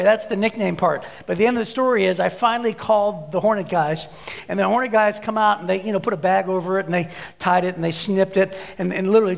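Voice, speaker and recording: A man in his forties delivers a sermon, spinning a personal story with animated, acted-out energy. His voice sits high for a man and carries a gravelly edge. The sound rings with long reverb, as in a large hall. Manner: animated storyteller, acts out his own shouts. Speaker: pastor.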